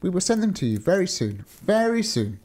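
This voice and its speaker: A man doing a squeaky, fawning lying steward. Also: big pitch swings, a little fast, darkish tone. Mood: eager. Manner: high, pleading and wheedling. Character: fawning, frightened male steward, a terrible liar.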